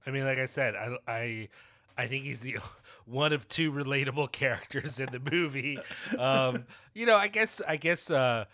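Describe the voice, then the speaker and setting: Bright-voiced rambling man. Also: mid-range voice, normal speed, dry recording, studio quality. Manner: rambling, hesitant restarts, laughs. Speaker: podcast co-host. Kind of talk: casual movie discussion.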